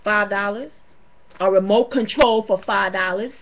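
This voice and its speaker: A woman's voice: mid-range voice, normal speed. A woman vlogger, ranting to camera in an indignant, emphatic way and hammering her points home. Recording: dull lo-fi home video audio.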